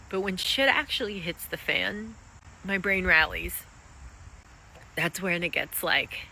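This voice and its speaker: A woman's voice: fairly low pitch, moderate pace, pushed and bright, a little hiss or hum, rough recording. A young woman candidly vlogging about being laid off, frank and wry, swearing freely. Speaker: laid-off office worker vlogging. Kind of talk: candid confessional vlog.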